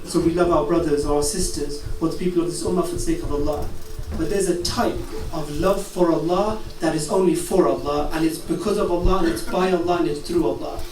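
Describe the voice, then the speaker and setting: British guy giving a sermon, quick and high-ish voice, quotes arabic then explains it, roomy hall sound. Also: steady tone. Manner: quoting Arabic narrations and translating them. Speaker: preacher. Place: mosque gathering hall. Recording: echoey hall with faint ambient noise.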